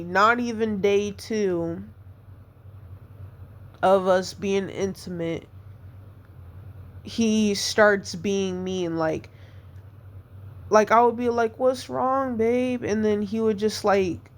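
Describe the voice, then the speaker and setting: A woman's voice: mid-range voice, fairly even intonation, takes it slowly. A woman talking through a painful breakup on her podcast, hurt and rambling, repeating herself as she vents. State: upset, devastated. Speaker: podcast host. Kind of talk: personal venting monologue.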